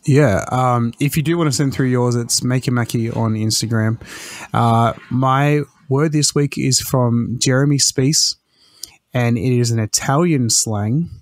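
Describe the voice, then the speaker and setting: A man co-hosts a casual podcast, talking in quick, rambling runs full of "like". His voice sounds dry and close, with no room echo. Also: mid-range voice. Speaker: podcast co-host. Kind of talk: casual chat.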